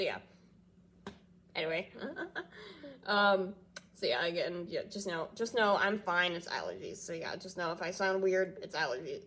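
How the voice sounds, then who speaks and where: A woman's voice: fairly low pitch, fairly bright tone, slight background noise. A woman talking casually in a fan reaction vlog, congested and a bit nasal, rambling with lots of fillers and frequent giggles. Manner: rambling, with frequent fillers and loops back on itself; giggles often between thoughts. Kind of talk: casual chat reacting to TV news.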